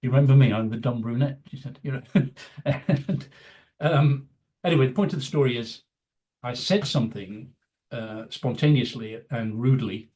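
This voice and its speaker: A man's voice: mid-range voice, normal speed, dark tone. A man in his seventies, a veteran news executive, telling rambling career anecdotes in a casual interview, full of "you know" fillers. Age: 70s.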